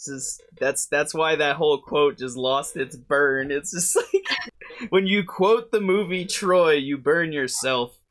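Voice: medium pitch, slow pace, fairly bright tone. A game master running a tabletop game, teasing the players with rules details and frequent laughter.

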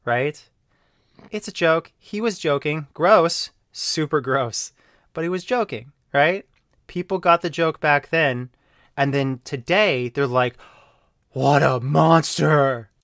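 A man's voice: on the high side, lively intonation, slow, a bit bright, smooth, dry recording, clean studio sound. A man in a casual monologue, rambling and defensive, with lots of fillers and self-justification. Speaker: online video creator being reviewed.

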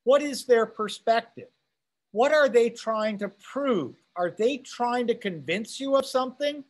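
Teaching a class, a man reads a text aloud and talks through it conversationally, posing rhetorical questions and checking in with his listeners. His voice sits high.

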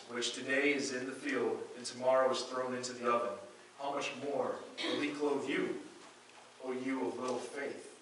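A man's voice: medium pitch, sharp tone, slight background noise. Guy preaching a sermon in a church, reads verses out, lots of echo, mic kinda far away. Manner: earnest preaching, reads scripture aloud, restates phrases. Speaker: pastor. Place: church sanctuary.

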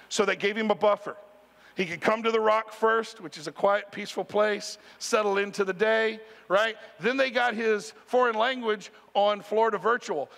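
Male pastor, conversational sermon, high-pitched, church reverb. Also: creaky. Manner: animated, conversational, talks straight to the congregation. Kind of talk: sermon storytelling. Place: church sanctuary.

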